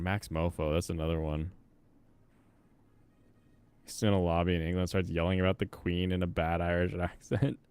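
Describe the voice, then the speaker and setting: Low, smooth-voiced man thinking aloud. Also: no echo. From Pacific Northwest, US. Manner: thinks aloud, chatty, reacts to chat. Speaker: streamer. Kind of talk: casual gameplay commentary.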